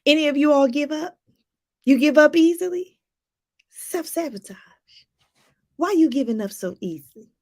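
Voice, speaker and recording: High-voiced woman life coach preaching. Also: expressive, brisk, darkish tone. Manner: preachy, repeats phrases for emphasis; talks straight to viewers with casual asides. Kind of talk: motivational talk to viewers.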